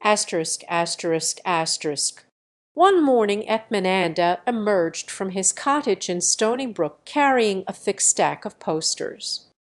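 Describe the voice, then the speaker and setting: A woman narrating a memoir as an audiobook, in an even, steady reading voice. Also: medium pitch, a little slow.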